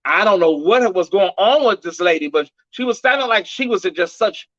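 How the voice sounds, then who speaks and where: A man's voice: sits high, animated, normal speed, fairly bright tone, no room sound, lo-fi sound. A man hosting a live headline show, delivering the news in a sassy, gossipy way and greeting viewers by name.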